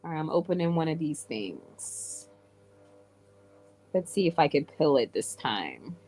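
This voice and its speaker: A woman's voice: low-pitched, big pitch swings, measured pace, pauses often, a little mellow, faint music behind. A woman from England chatting casually with viewers on a livestream and answering their comments. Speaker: live streamer.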